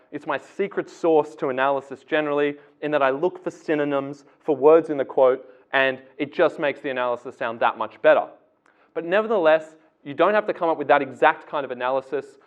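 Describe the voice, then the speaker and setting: A man walks through essay writing in a casual, step-by-step teaching manner. His voice sits a little high. The sound is thin and tinny, like a phone line. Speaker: English tutor.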